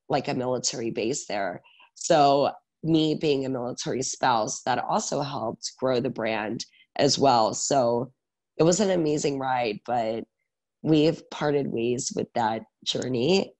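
A salon owner and educator in his thirties recounts his career as a guest on an interview podcast, energetic and animated. His mid-range voice sits in an ordinary middle register, full of "like" fillers and a quick "right?" to check in with the listener.

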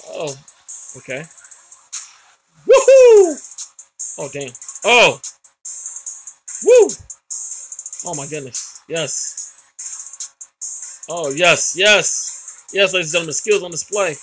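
A man's voice: high voice, sing-song, slow pace, pauses often, fairly bright tone, slightly rough, faint music behind. A man hosting a gaming channel, giving boastful, hyped let's-play commentary, swearing and calling out to his viewers.

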